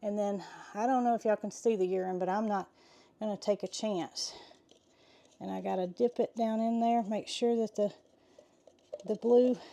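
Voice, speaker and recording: A middle-aged woman, chatting excitedly to viewers in a vlog while walking in a pasture, a little out of breath. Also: medium pitch, gravelly. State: slightly out of breath. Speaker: farm vlogger. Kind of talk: casual vlog narration. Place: outdoors in a pasture.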